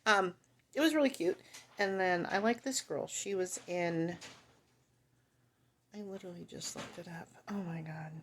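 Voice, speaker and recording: A woman's voice: lowish voice, measured pace, long pauses, a bit bright, slight background noise. A woman reviewing a TV movie in casual chat, rambling and correcting herself as she goes. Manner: rambling, chatty, self-correcting.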